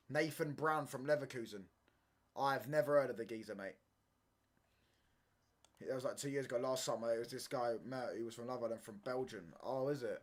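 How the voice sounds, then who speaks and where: A young man talks football to his stream viewers, loose and animated. He keeps throwing in slang and checking that the chat follows his point. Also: fairly high pitch, brisk. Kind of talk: casual chat. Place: home streaming setup.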